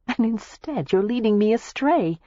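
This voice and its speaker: A woman's voice: on the high side, unhurried, breathy edge, dry recording, dull audio, voice pushed up, full character voice. A woman voicing a playful, teasing young American heiress in an audiobook. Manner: teasing, lively.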